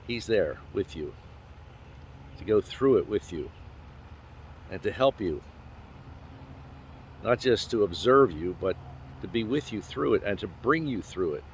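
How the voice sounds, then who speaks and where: Low-voiced man giving a folksy devotional talk. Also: big pitch swings, slight background noise. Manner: gentle, folksy, with pauses and small laughs. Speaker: devotional host. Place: outdoors. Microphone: handheld phone camera.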